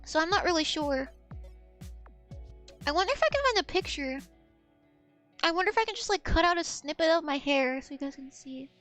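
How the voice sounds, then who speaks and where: A woman's voice: extremely high pitch, lively intonation, a little fast, pauses often, fairly bright tone, faint music behind. A woman in her twenties chatting casually as a streamer, rambling, losing her thread and swearing freely. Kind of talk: casual chat.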